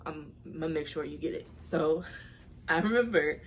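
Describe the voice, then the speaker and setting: A woman's voice: low voice, moderate pace, a little hiss or hum. A young woman vlogger telling a personal story in a casual, emotional, slangy way, talking straight to her viewers.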